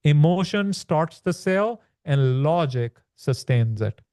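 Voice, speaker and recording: Expressive and slow, with a slightly high, darkish, smooth voice, a land business author explains things casually as a guest in a conversational podcast interview. He frequently says "like" and "right?", and the recording is dry with studio quality.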